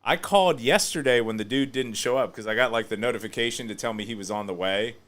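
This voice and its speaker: A man hosting a podcast, chatting casually and joking, often breaking into loud laughter. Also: mid-range voice, quick pace. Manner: animated, joking, laughs loudly. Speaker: podcast host.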